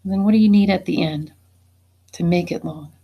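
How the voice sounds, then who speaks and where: A woman teacher giving a spelling test, saying each word slowly and deliberately and then saying it again. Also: fairly low pitch, dull audio. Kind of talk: slow spelling dictation.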